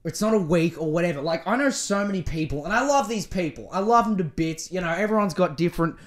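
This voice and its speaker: High-voiced, swearing podcast host. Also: male voice, lively intonation, quick pace. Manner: profane, joking and rambling. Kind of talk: casual solo podcast rant.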